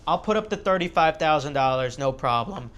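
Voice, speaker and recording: A man's voice: fairly high pitch, animated, fairly quick, fairly bright tone, muffled recording. A man doing a fed-up, impatient businessman. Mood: exasperated. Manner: exasperated and pushy.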